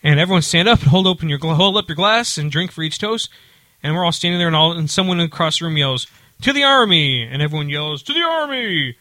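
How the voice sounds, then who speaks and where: A man's voice: on the high side, fast, bright, forceful tone, no room sound. A man telling a long story in casual chat, with lots of fillers and restarts. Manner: rambling, many fillers and restarts.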